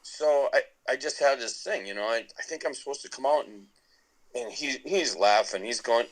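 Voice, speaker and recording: A middle-aged man tells a long story on a podcast in a loose, rambling way. He restarts his sentences again and again, and his voice sits at an ordinary middle pitch. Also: normal speed, poor audio. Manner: rambling with many restarts and laughs. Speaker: podcast guest, musician. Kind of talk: casual storytelling.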